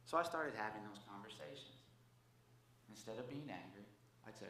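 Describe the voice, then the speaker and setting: Delivering a Sunday sermon with personal testimony, this church speaker sounds like he's just talking to you, constantly adding "okay?" and "right?". His low, fairly bright voice is animated, at a moderate pace with long pauses. The sanctuary echoes, and faint ambience sits in the background.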